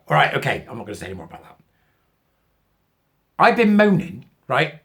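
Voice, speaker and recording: A man's voice: medium pitch, very animated, fast, fairly bright tone. A man hosting his own channel, talking in a sarcastic, mocking way with frequent asides. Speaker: channel host. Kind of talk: casual commentary.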